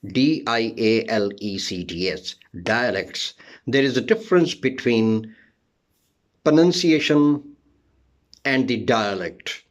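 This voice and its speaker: A man's voice: medium pitch, expressive, slow pace, highs cut off. A man teaching an English listening test lesson, explaining step by step, spelling words out letter by letter and repeating key terms.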